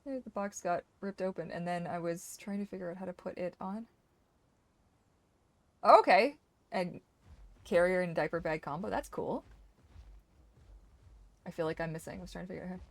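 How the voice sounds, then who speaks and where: Young woman, gaming streamer, casual commentary, chatty, swears, lowish voice. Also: normal speed, long pauses. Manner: chatty, swears freely, exclaims loudly at the game. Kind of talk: casual gameplay commentary and chat.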